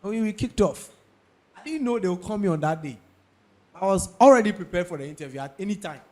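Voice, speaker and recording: Young Ghanaian male speaker, slightly high voice, emphatic, repeats his points, asks listeners if they follow. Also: animated, quick pace, darkish tone. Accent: Ghanaian English. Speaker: speaker giving career advice. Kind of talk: talk to an audience.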